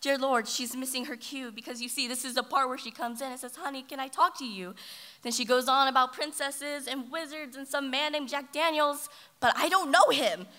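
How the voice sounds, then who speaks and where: A teenage girl on stage performing spoken word poetry, swinging from loud outbursts to hushed lines. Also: sits high, steady tone, moderate pace. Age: teens. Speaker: high school slam poet. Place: ballroom stage.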